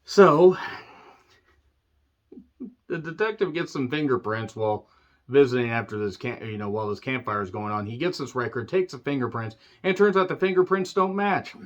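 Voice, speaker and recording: A man ranting through a movie recap, sarcastic and profane, often clearing his throat. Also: medium pitch, lively intonation, moderate pace, lo-fi sound. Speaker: movie reviewer.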